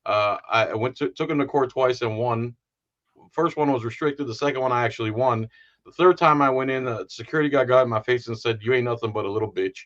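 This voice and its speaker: A man's voice: mid-range voice, fast, fairly bright tone. Blunt man, dull lo-fi stream audio. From Florida. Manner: blunt, emphatic storyteller. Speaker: host. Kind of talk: casual interview chat.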